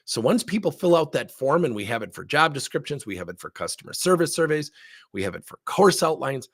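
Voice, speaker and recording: A middle-aged man giving an energetic webinar talk as a training consultant, with a husky voice. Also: fairly high pitch, fairly quick. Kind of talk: webinar presentation.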